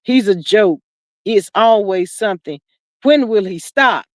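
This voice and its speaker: Host type: woman, mid-pitched, theatrical drawling gossip, dry close sound. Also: animated, a little slow, no room sound. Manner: theatrical, acts out scenes in first person. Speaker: livestream host reading chat. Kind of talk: casual gossip commentary.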